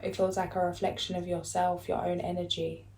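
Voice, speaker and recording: A woman doing a spiritual card reading, talking in a calm, soothing, unhurried way as she reads aloud. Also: fairly low pitch. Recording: echoey room, faint background noise.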